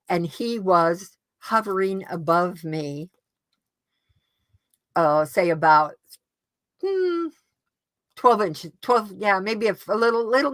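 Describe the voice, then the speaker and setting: A woman as an interview guest, recounting a personal experience in an earnest, halting way with frequent restarts. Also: fairly low pitch, a bit bright, dry recording. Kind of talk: casual personal storytelling.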